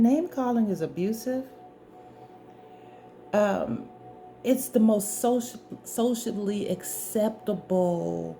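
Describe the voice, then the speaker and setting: Woman preaching kinda earnest and repetitive, warm mellow voice, little bit of music in back. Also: medium pitch. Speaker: spiritual wellness speaker. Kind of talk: direct-to-camera talk.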